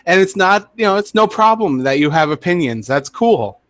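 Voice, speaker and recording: A man co-hosting a sports podcast, calmly adding facts and context in casual chat. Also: high-pitched, no room sound. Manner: quick, measured, corrects and adds facts. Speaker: podcast co-host.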